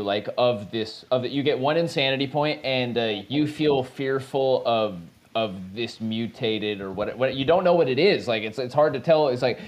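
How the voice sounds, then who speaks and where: A man narrating as game master of a tabletop role-playing game, in a casual, rambling way with swearing. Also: medium pitch.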